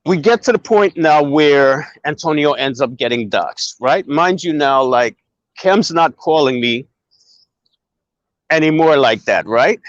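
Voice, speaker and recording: A man hosting a casual chat, telling a long story in an animated, profane way. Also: fairly high pitch, a little slow, dry recording, highs cut off. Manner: animated, profane, acts out quoted dialogue. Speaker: host.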